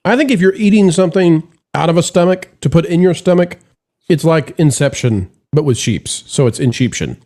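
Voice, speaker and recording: A man's voice: a little high, expressive, normal speed, dark tone. Teasing man hosting a panel chat. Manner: teasing, playful banter. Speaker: host.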